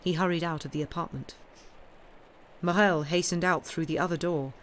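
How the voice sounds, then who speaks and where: A woman reading a classic novel aloud on a live stream, with expressive, steady narration. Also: fairly low pitch, normal speed, slight background noise. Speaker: audiobook reader.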